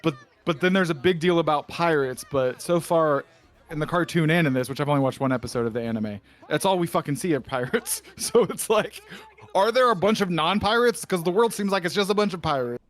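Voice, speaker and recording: A man's voice: a little high, brisk. A man co-hosting a casual reaction video, making wry remarks and asking questions, with casual swearing. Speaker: co-host reacting to a show.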